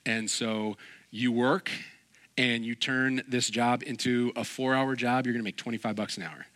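A man preaching a sermon, animated, acting out little quoted voices and joking with his listeners. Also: medium pitch, normal speed. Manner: animated, acts out quoted voices, jokes and laughs. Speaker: pastor.

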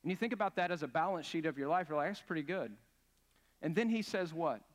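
Speaking fast with lively intonation and a voice on the high side, a pastor delivers an earnest, emphatic sermon full of rhetorical questions. The hall around him is reverberant.

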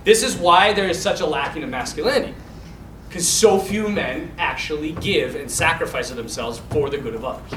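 A man with a high, bright voice teaches a Bible class in a loose, animated way, full of fillers and restarts. The room is echoey and he is some distance from the mic. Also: brisk, a little hiss or hum. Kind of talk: casual teaching talk to a mixed group.

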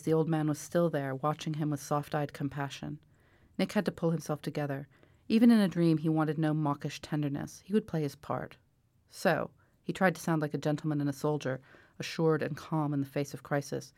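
A woman author reading aloud from her novel in a measured, expressive way. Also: sits low, no room sound. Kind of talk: book reading.

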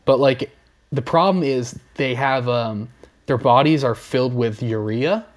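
Man on a podcast, deadpan jokes, casual chat, middle pitch. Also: a little slow. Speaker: podcast co-host.

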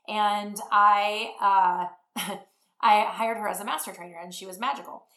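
A middle-aged woman tells a rambling story and jumps between sidebars. Her voice is bright and forward. The room around her is echoey. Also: medium pitch, unhurried. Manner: rambling, animated, acts out quotes. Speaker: fitness business founder. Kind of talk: casual storytelling.

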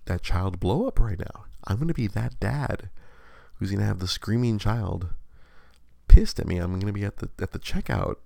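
Man in his thirties, very low gravelly voice, dry close sound; livestream host rambling through a parenting anecdote. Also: warm tone, dry recording. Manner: rambling, self-mocking, many restarts and laughs. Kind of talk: casual storytelling chat.

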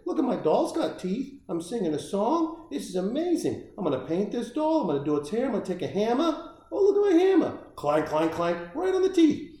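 Man doing a squeaky hyper boy elf, high and swooping, comedic riff voice. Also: fairly quick, echoey room. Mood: giddy. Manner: squealing excitedly. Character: giddy little boy elf with a hammer.

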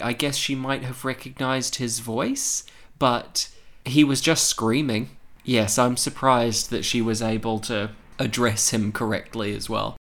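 A man recapping a horror film in casual chat, animated and profane, laughing often. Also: mid-range voice. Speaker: podcast co-host.

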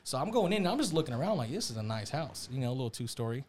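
A young man telling a story in casual chat, animated and slangy, acting out the quotes. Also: mid-range voice, rapid-fire, a little hiss or hum. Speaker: storyteller on a podcast.

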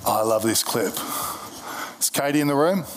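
A man's voice: medium pitch, animated, normal speed, background noise. A man preaching a casual, jokey sermon at a church service, often restarting his sentences. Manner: conversational, jokey, with many restarts. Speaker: pastor.

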